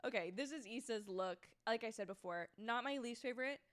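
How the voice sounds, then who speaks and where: A woman's voice: fairly high pitch, fairly quick, clear, resonant tone. A young woman hosting a casual livestream from home, chatting in a self-deprecating way and often trailing off mid-thought. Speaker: livestream host. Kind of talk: casual live watch-along commentary.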